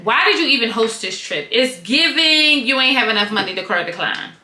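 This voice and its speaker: Bright, chatty woman in an echoey room. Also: fairly high pitch, brisk, slight background noise. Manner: slangy, animated, wandering into tangents. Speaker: reality TV and wig reviewer. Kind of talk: casual chatty review.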